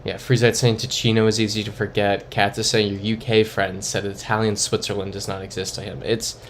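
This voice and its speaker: Fairly quick and lowish, with little pitch movement, the young man's voice comes with slight background noise. He offers casual live-stream commentary on a geography guessing game, muttering as he reasons aloud and reads chat.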